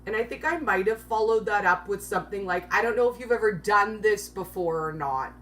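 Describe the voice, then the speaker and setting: A woman's voice: medium pitch, expressive, fairly quick, fairly bright tone, distant mic, slight background noise, poor audio. A woman vlogger telling a personal story in a chatty, self-mocking way with nervous giggles. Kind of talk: casual storytelling.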